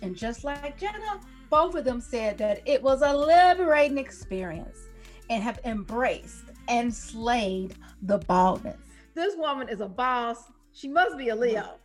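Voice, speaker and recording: A woman's voice: fairly high pitch, big pitch swings, measured pace, soft background music. A woman hosting a podcast, chatting casually and playfully with her guest. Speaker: podcast host.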